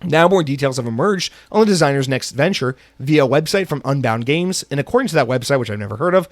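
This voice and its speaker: A man's voice: mid-range voice, lively intonation, fast talker, dry recording. Fired-up profane male podcast host. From United States. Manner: angry, profane ranting with swearing. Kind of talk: solo podcast rant and news reading.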